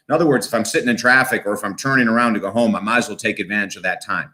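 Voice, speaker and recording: A middle-aged man, a counselor and self-help host, talking straight to his audience in an earnest, coaching way and often checking in with a quick "right?". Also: fairly low pitch, bright, forceful tone. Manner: earnest, coaching, repeats key points with rhetorical "right?". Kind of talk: direct-to-camera advice talk.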